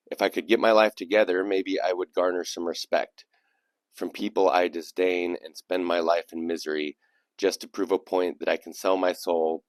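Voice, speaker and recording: Male host, deep voice, close dry sound; reads submitted poetry and drifts into reflective asides. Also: no room sound. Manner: reflective, digressive. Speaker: channel host. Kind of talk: casual commentary and poetry reading.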